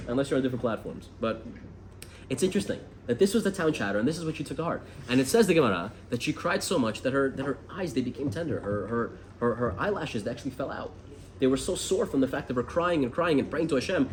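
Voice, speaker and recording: American male teacher, mid pitch, fast and animated, quizzes his listeners. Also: a little hiss or hum. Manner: animated, asks the room questions. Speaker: rabbi teaching a class. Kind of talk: interactive Torah class. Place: classroom with a group.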